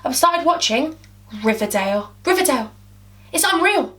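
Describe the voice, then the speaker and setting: A young English woman chats through a makeup tutorial in a high, bubbly voice. She rambles playfully and keeps calling her viewers huns. She sits slightly off the camera mic at home. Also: lively intonation, moderate pace, fairly bright tone, distant mic. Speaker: beauty vlogger.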